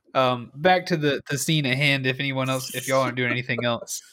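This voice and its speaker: Bright-voiced man running a tabletop game. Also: medium pitch, fairly even intonation, fairly quick, no room sound, clean studio sound. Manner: hesitant, full of ums and restarts. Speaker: game master. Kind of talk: narrating a tabletop game on a stream.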